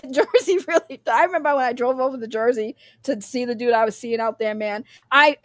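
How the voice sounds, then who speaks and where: A woman's voice: fairly high pitch, moderate pace, no echo, clean studio sound. A young woman, rambling bluntly in casual livestream commentary, laughing often and swearing freely.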